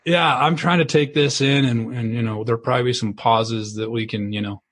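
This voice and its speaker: Husky man, choked up and halting. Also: medium pitch, steady tone, a bit bright. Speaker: podcast co-host. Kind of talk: casual podcast conversation.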